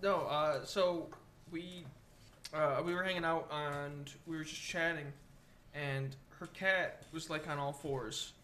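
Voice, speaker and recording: A man on a casual podcast chat, telling stories in an animated way, laughing and swearing easily. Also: a little high, slow, slight background noise.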